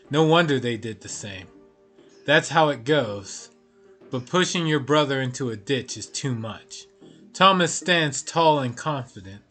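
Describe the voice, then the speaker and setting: A man's voice: mid-range voice, bright, forceful tone. A man streaming a story game, reading the narration aloud with offhand asides.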